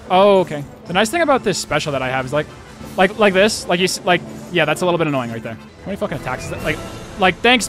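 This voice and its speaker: Excitable high-voiced young male streamer. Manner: excitable, swears a lot, talks to chat. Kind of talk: live gameplay commentary.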